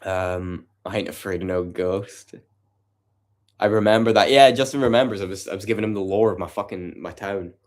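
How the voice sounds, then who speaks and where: A man's voice: lowish voice, normal speed. A man chatting casually and profanely with his livestream audience from home at night. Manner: profane, rambling banter with chat.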